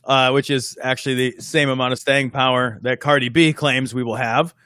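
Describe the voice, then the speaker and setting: A man's voice: medium pitch, steady tone, normal speed, sharp tone, smooth, no echo, clean studio sound. A man co-hosting a live stream, chiming in with wisecracks, laughter and swearing. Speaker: co-host of a live-stream show. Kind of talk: casual comedic chat.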